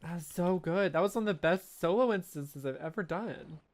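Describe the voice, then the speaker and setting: A man's voice: high-pitched, normal speed, no echo. A young man streaming a game reaction, gushing and exclaiming with frequent laughs. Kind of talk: excited reaction commentary.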